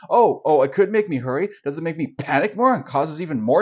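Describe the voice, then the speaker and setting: A man's voice: on the high side, lively intonation, quick pace, few pauses, darkish tone, breathy edge. A man hosting a comedic, improvised card-game play, ranting with sarcastic exasperation. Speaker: host playing out a card game with voices. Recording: dull lo-fi sound.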